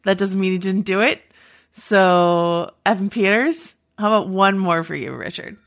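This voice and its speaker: In a casual podcast chat, a woman co-host talks chattily, full of fillers and restarts. Her mid-range voice has a fairly bright tone and moves at a moderate pace.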